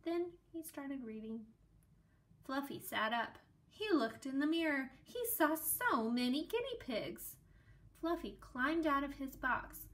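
A woman reads a children's book aloud, slowly and gently, with small asides of her own. Her voice sits a little high and every line is expressive. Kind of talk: storybook read-aloud with asides.

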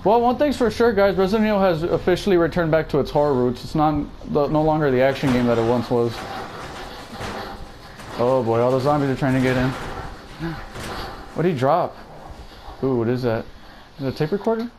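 A young man with a slightly high voice talks his viewers through a horror game, jumpy and chatty as he plays. A faint hiss sits under his voice throughout. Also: a little fast, long pauses. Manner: jumpy, exclaims and chatters to viewers while playing. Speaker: gaming YouTuber. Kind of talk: let's play commentary.

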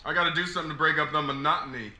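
A man's voice: a little high, fairly even intonation, racing, sharp tone. A man commenting casually on a game he plays, joking and reacting aloud. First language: German. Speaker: let's player. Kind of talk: gameplay commentary.

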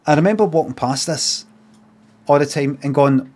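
A middle-aged Scottish man streaming, chatting casually, rambling and swearing, and mocking signs in lively put-on voices. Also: a little high, moderate pace. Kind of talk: casual livestream chat.

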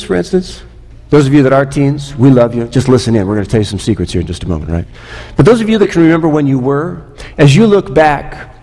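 A man's voice: medium pitch, darkish tone, long reverb tail. A man pastor preaching a sermon, conversational, asking the listeners rhetorical questions. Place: church sanctuary.

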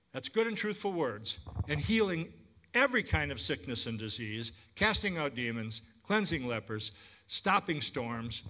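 A man preaching a sermon as pastor, lively and inviting the congregation to respond. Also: on the high side.

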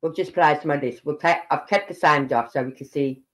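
Talking a little fast, an older livestream host from Birmingham, England, chats at length in a middle-pitched voice. The conversation wanders widely but keeps coming back to the people watching.

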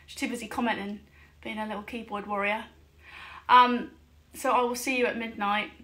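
Woman, singer-songwriter, light higher voice, quick jokey banter between songs at home. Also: level tone, sharp tone. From England. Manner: chatty, jokey, self-mocking asides. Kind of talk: casual chat between songs at a home livestream gig. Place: her living room at home.

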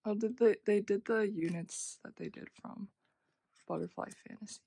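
Gravelly, husky young woman gushing softly. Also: medium pitch, steady tone, moderate pace. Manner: gushing, frequent gasps and soft half-whispers. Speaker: unboxing vlogger. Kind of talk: casual unboxing commentary.

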